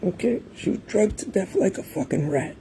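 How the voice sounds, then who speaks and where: A middle-aged woman live streaming from home, fighting back tears as she keeps pausing to talk to her viewers. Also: medium pitch, animated, vocal fry, dark tone. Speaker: livestreamer. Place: home room with a fan running. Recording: noisy home livestream with fan hum.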